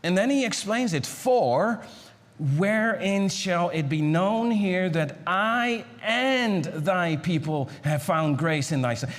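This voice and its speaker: A man preaching a sermon as pastor, pleading and repeating himself, swinging between high urgent lines and low hushed ones. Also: slow. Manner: pleading, repeats words and restarts. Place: church sanctuary. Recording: long hall reverb in a church.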